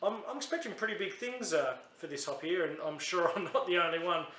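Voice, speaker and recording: A man's voice: high voice, brisk, sharp tone, slight background noise. Chatty Australian man in a roomy space. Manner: chatty and rambling, with frequent self-corrections. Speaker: beer reviewer. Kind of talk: casual beer review vlog.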